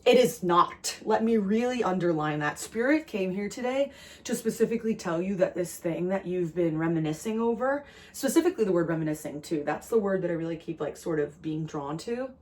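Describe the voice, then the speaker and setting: A woman's voice: on the low side, lively intonation, brisk. A young adult woman from New Jersey giving a channeled tarot reading, earnest and rambling, with many fillers and restarts. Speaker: tarot reader.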